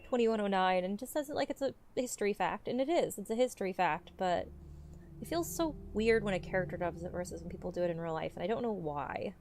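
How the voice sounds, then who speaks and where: A woman's voice: lowish voice, background noise. A woman hosting a let's play, giving casual, rambling commentary with the odd swear. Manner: chatty, rambling asides with swearing.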